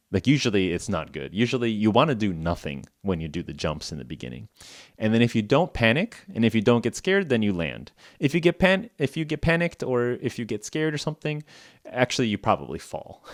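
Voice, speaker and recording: A man's voice: fairly low pitch, dry recording, studio quality. A man hosting a podcast for English learners, telling a story casually in simple words, with lots of "like" and frequent chuckles. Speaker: podcast host.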